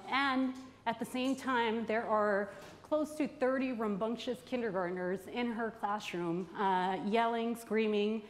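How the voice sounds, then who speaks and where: Woman telling a story to a hall. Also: fairly high pitch. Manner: storytelling, warm anecdotal delivery with pauses. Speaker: conference host introducing candidates. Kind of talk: speech to a conference audience. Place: large conference hall. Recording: long hall reverb.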